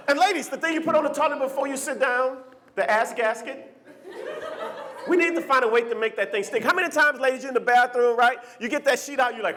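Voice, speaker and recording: A man doing a stand-up comedy set on a club stage, animated and often jumping into shouted character voices. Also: extremely high pitch, quick pace. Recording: live club recording with crowd laughter. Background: audience laughter.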